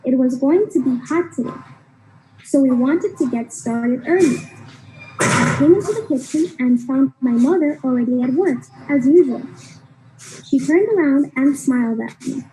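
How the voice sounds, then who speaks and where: A woman reading a first-person story aloud as scripted narration, in an even, measured way. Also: sits high, rough recording. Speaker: audiobook narrator.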